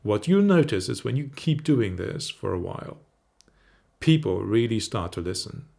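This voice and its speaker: A middle-aged man, a confidence coach, teaching straight to camera in a calm, measured way. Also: lowish voice, gravelly. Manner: calm, measured, demonstrates intonation.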